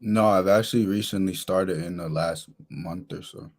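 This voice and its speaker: A man from Massachusetts speaks with a very low voice. He is a new investor who asks questions politely and a little hesitantly. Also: normal speed, a little mellow. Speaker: beginner investor asking for advice.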